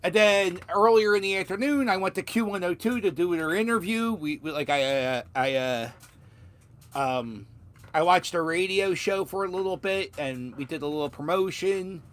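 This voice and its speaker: A man's voice: high voice, moderate pace, fairly bright tone. A man from Philadelphia with a Philadelphia accent, telling a story in a casual vlog, rambling with restarts and the odd swear word. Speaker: vlogger.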